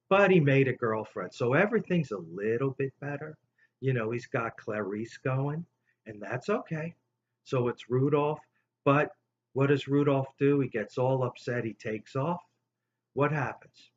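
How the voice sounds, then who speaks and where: Older New man telling a rambling story. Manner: animated, rambling, jumps to a high voice for quoted lines. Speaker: storyteller host. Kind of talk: casual storytelling to camera. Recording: slightly dull recording with faint room noise.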